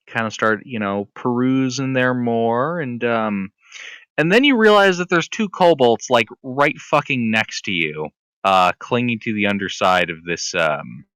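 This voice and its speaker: A man narrating as game master of a streamed tabletop game, halting with many fillers. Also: mid-range voice, a bit bright, clean tone, dry recording, studio quality.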